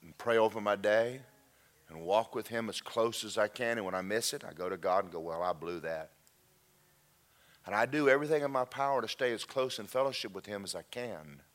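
A man preaching a sermon, telling an emotional testimony that drops to near-whispers and then rises loud. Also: lowish voice, a little fast. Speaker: pastor.

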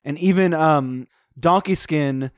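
A man's voice: on the high side, slow pace, no echo, studio quality. A man co-hosting a film podcast in casual chat, loose and full of "like" and "um". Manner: loose, filler-heavy, full of "like". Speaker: podcast co-host.

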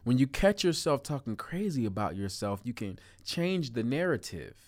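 A man's voice: medium pitch, very animated, moderate pace. A man giving a self-help talk to viewers in an earnest, coaching way, repeating key phrases and stretching words for emphasis. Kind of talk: motivational talk to camera.

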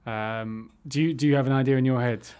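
A man co-hosting a relaxed, comedic conversation. He argues his case with teasing stubbornness and tells rambling anecdotes. His voice sits at an ordinary middle pitch for a man. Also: brisk, clean tone. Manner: argumentative, teasing. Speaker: podcast co-host. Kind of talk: casual comedic chat.

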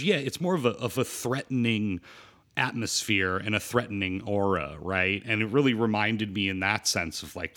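A man co-hosting a film podcast, talking in a relaxed, rambling way with lots of "like" and "you know". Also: fairly low pitch. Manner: rambling, filler-heavy, relaxed. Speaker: podcast co-host. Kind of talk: casual film discussion.

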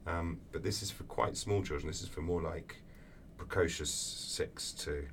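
A man answering interview questions as an author, telling lively anecdotes with acted-out voices. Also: low-pitched, measured pace. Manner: animated storyteller, acts out voices in anecdotes. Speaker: author guest. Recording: distant mic with faint background noise.

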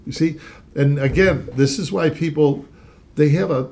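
A man's voice: a little high, a little slow, vocal fry, a little mellow. A man co-hosting a Christian talk show, teaching the Bible in an earnest, conversational way and reading scripture aloud with rising emphasis.

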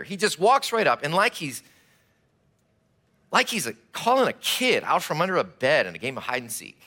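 A man preaching a sermon, telling the story with animated, acted-out delivery. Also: medium pitch, moderate pace. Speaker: pastor.

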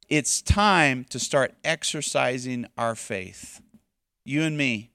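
Man, pastor, sermon, emphatic, loud-soft swings, dry room. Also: medium pitch, unhurried, no echo. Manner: emphatic, swings between loud urging and quiet softness.

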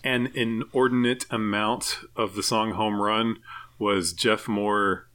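A man's voice: fairly low pitch, fairly even intonation, slow pace, pushed and bright. A man co-hosting a podcast in casual chat, making dry jokes and rambling asides. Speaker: podcast co-host.

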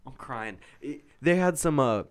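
A man's voice: medium pitch, animated, measured pace, clean tone. A man co-hosting a podcast in casual chat, with loose, profane, joking banter. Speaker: podcast co-host.

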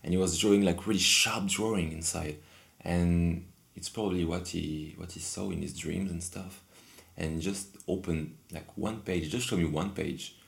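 A man's voice: deep voice, steady tone, moderate pace, creaky. A man in casual conversation, telling a long story in a rambling, hesitant way with many repeats and restarts. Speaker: guest.

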